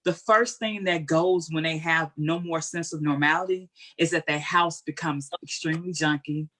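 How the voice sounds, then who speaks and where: Woman talking real candid and earnest in an interview, lowish voice, colloquial, tells it like a story. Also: fairly even intonation, normal speed, a bit bright. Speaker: guest speaker. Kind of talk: heartfelt conversational interview answer.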